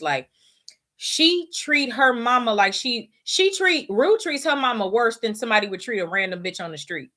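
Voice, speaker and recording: Brief: woman host, bright voice, blunt profane rant. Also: fairly low pitch. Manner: blunt, profane, emphatic ranting. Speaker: podcast host. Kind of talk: casual chat.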